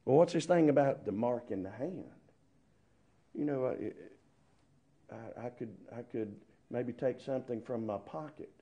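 A man's voice: medium pitch, unhurried, vocal fry, pauses often, dark tone, slightly rough, lo-fi sound. A man preaching a sermon, emphatic and full of rhetorical questions.

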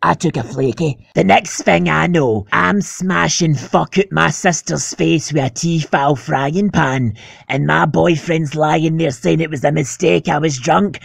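A man's voice: on the high side, a little slow, no echo, clean studio sound, heavily acted. A man with a Scottish accent voicing a foul-mouthed female animal who rants crude gossip about her sister. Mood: ranting. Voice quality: gravelly.

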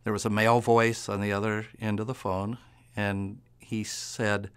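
A male police officer recounting a phone call in a measured, matter-of-fact way. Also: lowish voice, little pitch movement, clear, resonant tone. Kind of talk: recalled interview testimony.

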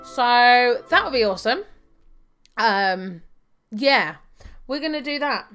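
A woman's voice: a little high, lively intonation, slow pace, a bit bright, smooth, faint music behind. A young adult woman giving chatty live gameplay commentary, thinking aloud with fillers and laughing often. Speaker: game streamer.

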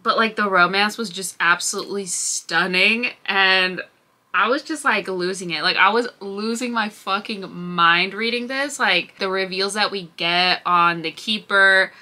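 A young woman book vlogger chatting casually and excitedly, swearing often and filling her sentences with "like". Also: medium pitch, a little slow. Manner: gushing, swears a lot, fillers like "like". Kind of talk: casual reading vlog chat.

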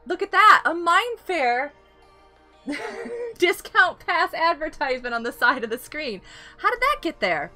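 A woman's voice: very high voice, big pitch swings, measured pace, pushed and bright, soft background music. Bubbly giggling woman streamer. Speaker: game live streamer. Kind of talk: casual live-stream chat with viewers.

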